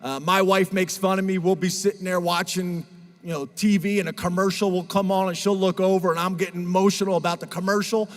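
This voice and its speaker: At a press conference, a head football coach talks briskly and in a level tone, his high voice bright at the edges. He is earnest and emotional, occasionally restarting or using fillers, and a long reverb tail makes it sound like a large hall.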